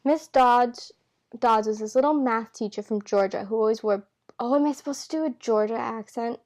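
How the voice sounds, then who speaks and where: A woman's voice: a little high, fairly quick, a little mellow. Woman, casual read-aloud, stumbles and self-corrects, plain everyday voice. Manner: stumbles and corrects herself with asides; reads character lines in her own voice. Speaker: amateur reader.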